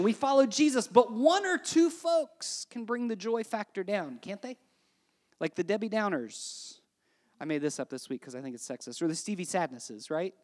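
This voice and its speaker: A pastor preaching a sermon in a chatty, animated way, often checking in with "right?" and swinging between quiet and loud. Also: mid-range voice. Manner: conversational, with frequent "right?" asides.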